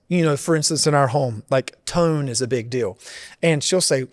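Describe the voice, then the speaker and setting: A man in his forties speaks as a pastor in a podcast chat, earnest and reflective, explaining ideas the way he would teach them. His voice sits at an ordinary middle pitch. The sound is dry and close, with no room echo. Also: normal speed. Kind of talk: podcast conversation.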